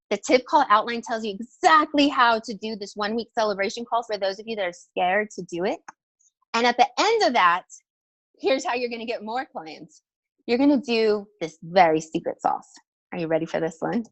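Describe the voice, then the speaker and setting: A woman's voice: medium pitch, no room sound. Woman, health coach, emphatic and direct, dry sound. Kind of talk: motivational training call.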